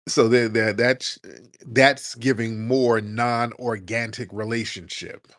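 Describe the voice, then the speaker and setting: A man's voice: mid-range voice, fairly even intonation, takes it slowly, a bit bright, dry recording, clean studio sound. A man hosting a comedic commentary show, talking in a blunt, casual, mocking way and laughing often. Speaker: host.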